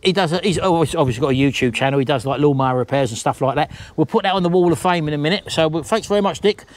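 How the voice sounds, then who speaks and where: Middle-aged vlogger host, rambling jokey chat, voice a touch high. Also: male voice, rapid-fire, no room sound. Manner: chatty, rambling, jokey, calls wife baby. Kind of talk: casual chat to camera.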